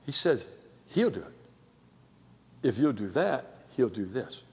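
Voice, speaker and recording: Gravelly preacher man in a reverberant hall. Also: mid-range voice, very animated, slow. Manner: swings between loud exclaiming and near-whispered quiet lines; asks the audience rhetorical questions. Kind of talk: sermon.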